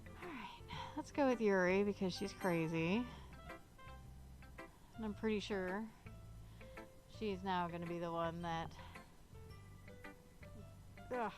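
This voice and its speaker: A woman's voice: mid-range voice, takes it slowly, long pauses, faint music behind. A woman hosting a gaming channel, chatting playfully and offhand between reading game dialogue. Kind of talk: casual gameplay commentary.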